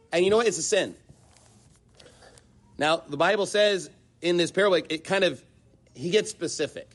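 A man preaching a sermon, emphatic and rhetorical, hammering points with repetition and sarcastic asides. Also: a little high. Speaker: pastor.

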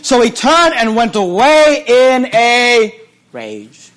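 A man preaching a sermon, reading scripture aloud and retelling it with animated, repeated phrases that swing between loud and hushed. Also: very high-pitched, takes it slowly.

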